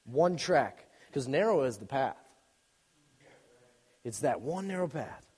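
Animated young man preaching in a reverberant hall. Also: medium pitch, slow pace, husky. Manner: animated, joking storyteller with sudden loud bursts. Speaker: youth speaker. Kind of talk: casual sermon.

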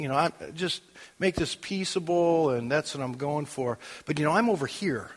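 Middle-aged guy, kinda high voice, telling a story all animated, lots of "you know", big hall echo behind him. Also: brisk. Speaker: father telling a personal story. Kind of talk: personal storytelling, sermon-like talk.

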